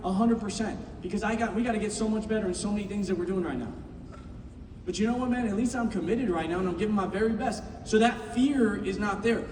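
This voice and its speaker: A middle-aged man giving an impassioned motivational speech to a room of recruits, swinging from shouting to hushed tones. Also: sits high, fast talker, a little hiss or hum. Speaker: business team leader speaking to recruits. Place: large meeting room with an audience. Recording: echoey hall, mic far off.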